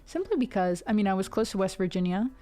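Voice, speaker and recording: Mellow-voiced chatty woman streamer. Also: mid-range voice, lively intonation, fast talker. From Ohio River Valley, US. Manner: chatty, rambling, many restarts and fillers. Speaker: music livestream host. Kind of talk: casual chat with stream viewers.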